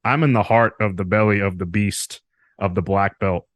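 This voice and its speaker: Man, from Alabama, podcast guest, casual rambling talk, low pitch, dry close mic. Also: fairly even intonation, normal speed, dry recording. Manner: rambling, laughs often, loose and profane. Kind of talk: casual interview chat.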